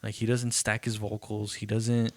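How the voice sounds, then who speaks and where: A man's voice: on the low side, moderate pace, no echo. A man hosting a podcast in casual chat, telling stories animatedly and acting out quotes, with frequent swearing. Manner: animated storytelling, acts out quotes, swears freely. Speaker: podcast host.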